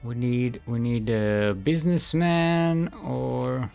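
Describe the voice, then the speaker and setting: A man's voice: mid-range voice, steady tone, slow, gravelly, darkish tone, clear, resonant tone. Casting: male game streamer, casual commentary, mutters and hums to himself, faint music behind.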